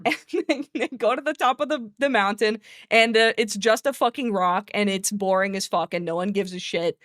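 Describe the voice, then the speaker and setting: A woman's voice: mid-range voice, normal speed, a bit bright, no room sound, studio quality. A woman streamer chatting casually, rambling between topics, laughing often and swearing freely. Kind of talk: casual chat.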